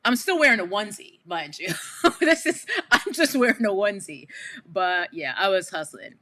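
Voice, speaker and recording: Woman, New York accent, bright-toned livestream host, loose and conversational. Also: mid-range voice, sing-song, normal speed, dry recording. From Queens, New York. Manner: chatty, addresses viewers as y'all, frequent asides. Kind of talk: casual livestream chat. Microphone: headphones with mic.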